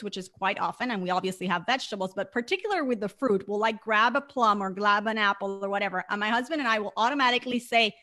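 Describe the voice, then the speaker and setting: A woman's voice: mid-range voice, pushed and bright. A woman speaking as a guest in a conversational interview, earnest and emphatic, repeating words for stress.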